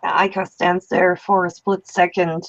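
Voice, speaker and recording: A woman's voice: on the low side, level tone, a little slow, gravelly, highs cut off. A woman playing in a tabletop game, narrating her character's actions. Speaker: player. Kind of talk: casual tabletop play.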